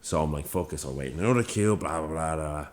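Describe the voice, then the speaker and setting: A man's voice: rumbling low, quick pace. A young man with a Dublin Irish accent, co-hosting a podcast and telling a casual story full of swearing and acted-out dialogue. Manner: animated, sweary, acts out dialogue. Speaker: podcast co-host.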